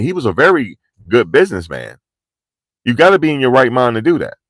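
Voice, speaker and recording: Male vlogger, low voice, animated and slangy, live outdoors, dry close sound. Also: dry recording. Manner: animated, slangy, pushing energy. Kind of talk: live street commentary. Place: outdoors in cold, rainy weather.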